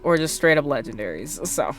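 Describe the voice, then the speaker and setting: A woman's voice: low-pitched, big pitch swings, a little fast, soft background music. A woman streamer chatting casually while she plays, rambling with lots of fillers and self-deprecating asides. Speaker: game streamer. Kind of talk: casual gameplay chat.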